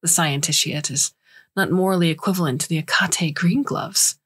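A wary young male alien researcher pushes back with indignation, voiced by a woman reading a story. The tone is husky and fairly low. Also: normal speed, a bit bright. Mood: indignant.

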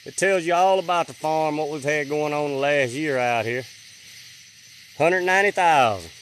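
Guy on his phone outside at night, higher voice, drawly, firing off names, faint hiss and crickets. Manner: drawling, rattles off names fast, drops to a hush when listening. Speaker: livestream host. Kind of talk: late-night outdoor livestream, shout-outs to viewers. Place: outdoors on a rural farm at night.

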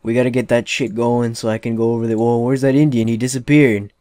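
A man's voice: medium pitch, quick pace, no echo. Young guy cursing his way through a game, talks at the characters, dry close mic. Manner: excitable, swears often, talks to game characters. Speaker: let's play gamer. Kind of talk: casual gameplay commentary.

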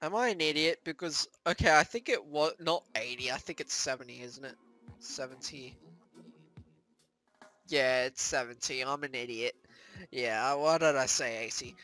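A young adult gaming host giving excitable let's-play commentary, breaking into screams at scares and rambling in self-mocking asides. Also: medium pitch, moderate pace, faint music behind.

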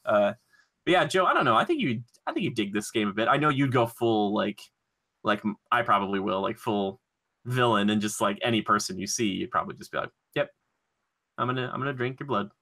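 Bright-voiced joking man podcaster. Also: on the low side, animated. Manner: joking, quick to laugh and act out voices. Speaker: podcast co-host. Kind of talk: casual chat.

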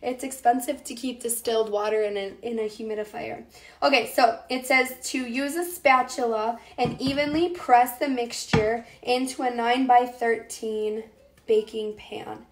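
A woman's voice: on the high side, fairly even intonation, normal speed. A young woman hosting a casual cooking demonstration from her home kitchen. She chats with viewers and answers their comments while she gets over a lost voice. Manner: chatty, talks to viewers as "you guys" and answers comments. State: recovering from a lost voice. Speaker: cooking show host. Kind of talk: chatty live cooking demonstration. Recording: echoey room with faint noise.

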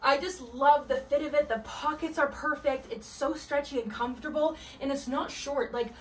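A woman's voice: high-pitched, fairly even intonation, normal speed, slight background noise. A young adult woman chatting enthusiastically in a try-on haul vlog, recorded indoors at home. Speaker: fashion vlogger.

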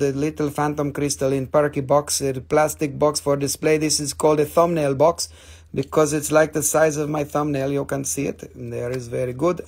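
A man hosting a casual live-stream sale, excitable and joking with viewers, swearing freely. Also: a little high, vocal fry. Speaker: live-stream mineral seller.

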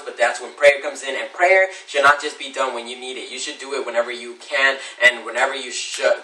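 Animated male vlogger with a bright, forceful voice, heard from a distance in an echoey room. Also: a little high. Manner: animated, acts out voices of others. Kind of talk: casual advice vlog. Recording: echoey room, distant from mic, faint noise.

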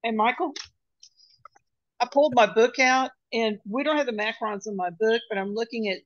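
A woman's voice: on the high side, normal speed, no room sound. A woman student asks questions about her lesson in an easy, self-deprecating way. Her voice comes over a dull, dry video-call line. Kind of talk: casual class question.

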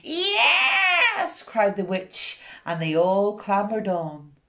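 A woman with a Northern Irish accent reading a rhyming picture book aloud in a gentle, rhythmic storytelling manner. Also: medium pitch, takes it slowly.

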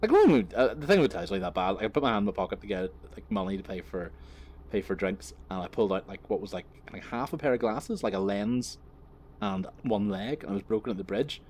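A man's voice: fairly low pitch, animated, a little fast, darkish tone, a little hiss or hum. A man rambling through a story while driving his truck, swearing and laughing at himself. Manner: swearing, self-mocking, rambling with many fillers. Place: inside a truck cab on the road.

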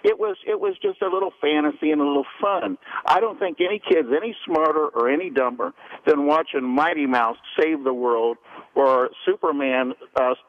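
A man's voice: a little high, normal speed. Older male radio voice, blunt and scornful, dull lo-fi audio. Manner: blunt, opinionated. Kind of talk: talk radio chat.

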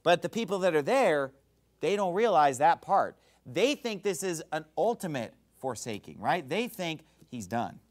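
Man, preacher, sermon, high voice, very lively pitch, emphatic. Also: measured pace. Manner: animated, shouts out acted quotes, emphatic. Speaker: Baptist preacher.

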